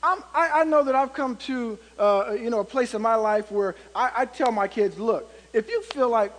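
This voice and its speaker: A male pastor preaches in a storytelling way that swells into emphatic exhortation. His voice sits high for a man. A long reverb trails after his words, as in a large hall. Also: normal speed. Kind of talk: sermon.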